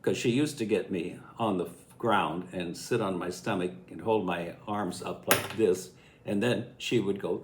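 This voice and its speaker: A man's voice: sits low, a little slow, noisy background. Elderly man telling a folksy tale. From Illinois, USA. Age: 80s. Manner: folksy, chuckling, lively storytelling. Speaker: storyteller recalling childhood. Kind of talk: casual spoken memoir. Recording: echoey room.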